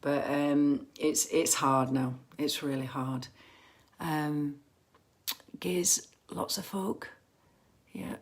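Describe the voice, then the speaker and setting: A woman's voice: low-pitched, fairly even intonation, drawn-out words. A woman hosting a casual fan livestream from home on her phone camera, chatty and rambling with lots of ums and restarts.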